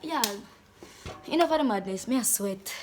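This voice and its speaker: Over a noisy background, a young Jamaican-accented woman vlogs casually to camera at a normal speed. Her voice sits on the high side, and she stays playful and animated, slipping into patois.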